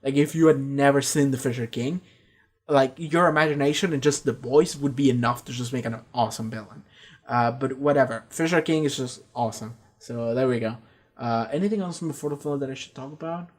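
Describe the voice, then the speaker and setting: A man giving a casual, rambling review of a TV season, swearing freely and retelling scenes with quick quoted lines. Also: mid-range voice. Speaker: show reviewer.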